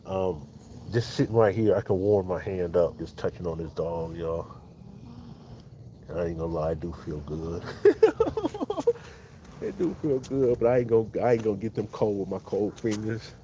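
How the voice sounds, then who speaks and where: Low-voiced Californian man, relaxed livestream host talking to viewers, noisy outdoor phone audio. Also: moderate pace. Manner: laid-back, keeps calling viewers y'all and thanking chatters. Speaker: dog breeder hosting a livestream. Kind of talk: casual livestream chat. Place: outdoors in the cold beside big dogs. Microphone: phone set up on the spot.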